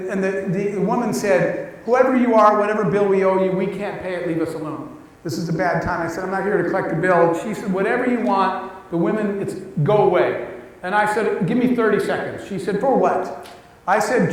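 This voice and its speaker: A man giving a storytelling talk to an audience, lively and acting out the dialogue of the people in his story. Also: sits high. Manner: animated, acts out quoted dialogue. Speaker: guest speaker. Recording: echoey hall, distant mic.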